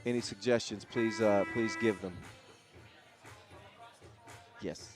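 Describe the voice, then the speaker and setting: A man's voice: lowish voice, steady tone, takes it slowly, music in the background. A man giving live play-by-play commentary at an outdoor event, chatty and joking between plays. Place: outdoor event in a city square.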